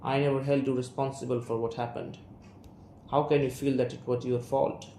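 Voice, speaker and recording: A young man with an Indian English accent voicing a guarded, estranged son and writer, reading a play aloud in a measured, restrained way. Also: mid-range voice, little pitch movement, vocal fry, warm tone, lightly acted. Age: young adult. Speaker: student reader. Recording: roomy room, faint hiss.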